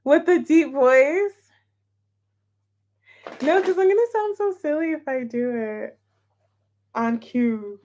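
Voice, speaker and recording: A woman's voice: high voice, expressive, slow pace, long pauses. A woman hosting a tarot livestream, chatting casually and giggling as she greets viewers by name.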